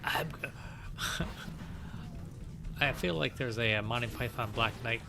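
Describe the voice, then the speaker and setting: A man's voice: mid-range voice, takes it slowly, gravelly, noisy background. A man giving casual, joking commentary while playing a game, talking back to the characters. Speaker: let's play host.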